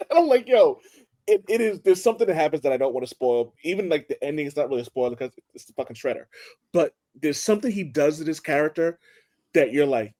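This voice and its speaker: A man co-hosting a podcast, telling a comic story in a casual, excitable way, acting out the characters' lines and swearing freely. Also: on the high side, fast. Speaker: podcast co-host. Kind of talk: casual chat.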